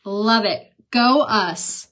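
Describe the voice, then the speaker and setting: A woman in her thirties chatting casually on a live stream while she does her makeup. She talks fast, says "like" a lot and laughs often. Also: medium pitch, a bit bright, a little hiss or hum. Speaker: makeup seller and vlogger. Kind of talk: casual livestream chat while doing makeup.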